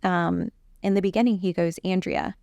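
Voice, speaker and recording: A middle-aged woman coach telling a personal story in an interview, animated and acting out quoted exchanges. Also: fairly low pitch, normal speed, no room sound, lo-fi sound.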